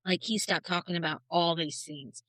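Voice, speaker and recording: A woman co-hosting a podcast, telling a conspiracy story in a casual, animated storytelling way. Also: on the low side, normal speed, no echo, poor audio. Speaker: podcast co-host.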